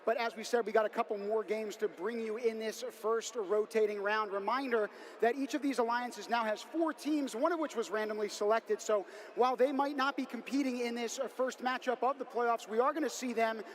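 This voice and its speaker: A man commentating a robotics competition live from a booth, talking fast and hyped like an announcer. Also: very high voice, fairly even intonation. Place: commentary booth in a noisy arena.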